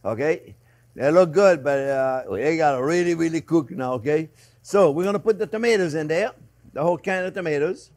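A man's voice: a little high, a little fast, darkish tone, no echo. A male chef hosting a cooking show, chatting casually with viewers as friends while he demonstrates a recipe in a studio kitchen.

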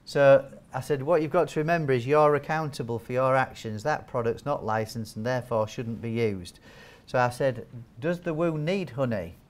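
A man's voice: mid-range voice, moderate pace. A man giving a training talk to nurses as a wound care trainer, chatty and joking, quizzing the audience. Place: training hall with a live audience.

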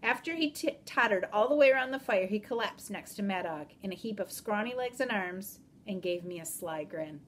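A woman narrating a children's novel aloud in an even, measured storytelling manner. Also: mid-range voice, slight background noise. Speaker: audiobook narrator.

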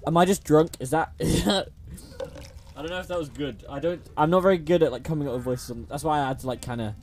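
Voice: mid-range voice, a little fast, soft background music. A streamer chatting casually over a story game, reading the characters' lines aloud in playful voices and swearing in slangy asides. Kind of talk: casual gaming livestream commentary.

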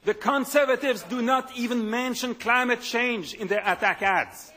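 High, bright, husky political speaker. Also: male voice, slight background noise. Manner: emphatic, with halting repetitions. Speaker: political party leader. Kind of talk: political speech.

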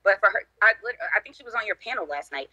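A woman's voice: medium pitch, animated, fast, sharp tone, dull audio. A woman guest on a livestream panel, talking heatedly and emphatically, with lots of filler words. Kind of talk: casual group livestream chat.

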